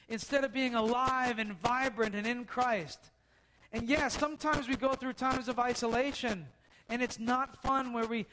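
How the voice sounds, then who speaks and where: A man's voice: extremely high pitch, fairly bright tone, slight background noise. A man preaching a casual storytelling sermon, talking conversationally and asking the listeners questions.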